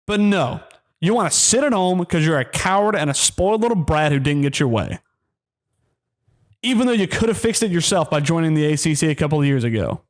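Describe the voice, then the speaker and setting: On his college football podcast, a man delivers a heated, mocking solo rant, his pitch jumping when he gets worked up. He then winds down into a rambling sign-off full of ums.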